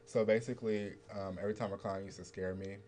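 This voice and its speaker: A man's voice: fairly low pitch, fairly even intonation, fast talker, darkish tone, slight background noise. A young man co-hosting a youth talk show, laid-back and chatty, leaning on fillers. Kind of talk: casual talk-show chat.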